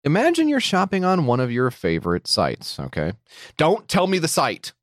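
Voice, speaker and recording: On a comedy podcast, a co-host with a slightly high voice reads an ad at normal speed, his pitch swinging hugely. He's jokey and casual, riffing away from the script, and the studio sound is dry and clean.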